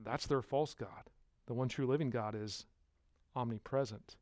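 A man preaching a sermon as pastor, putting rhetorical questions to the congregation and swinging from hushed to loud. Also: mid-range voice, normal speed, no echo, studio quality.

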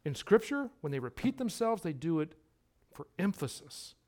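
Male pastor, high voice, emphatic sermon delivery that swings from quiet to loud. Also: very animated, moderate pace. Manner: emphatic preaching, repeats words for emphasis, swings between hushed and loud.

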